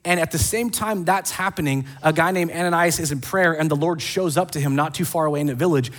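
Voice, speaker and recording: A man preaching a casual sermon, retelling scripture stories in an animated way with quick asides. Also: a little high. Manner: animated storytelling with acted quotes and asides. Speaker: pastor.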